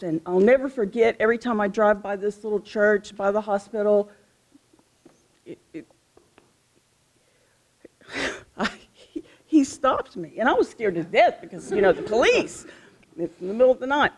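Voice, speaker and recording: A woman's voice: a little high, normal speed, darkish tone. A middle-aged woman, rambling and heartfelt as she tells personal stories about a fallen police officer. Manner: rambling and heartfelt, with frequent restarts. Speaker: widow of a police officer speaking at a memorial. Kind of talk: personal storytelling speech at a remembrance gathering. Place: outdoor memorial gathering.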